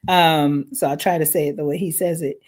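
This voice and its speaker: A woman's voice: low voice, fairly even intonation, a little fast, a little mellow. A woman hosting a live parenting podcast from the United States, talking conversationally and often checking in with "right?". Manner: conversational, frequent "right?" tag questions.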